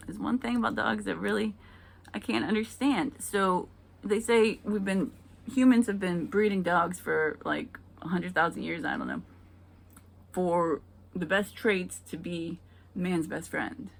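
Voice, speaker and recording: Female stand-up comic, low raspy voice with fry, halting delivery with dry punchlines. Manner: hesitant, filler-heavy delivery with dry punchlines. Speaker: stand-up comedian. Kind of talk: stand-up comedy set.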